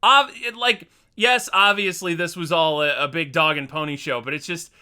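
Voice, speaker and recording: A man's voice: fairly high pitch, normal speed, bright, forceful tone, smooth. A young man hosting a reaction video, chatting casually and thinking aloud in a rambling, self-deprecating way.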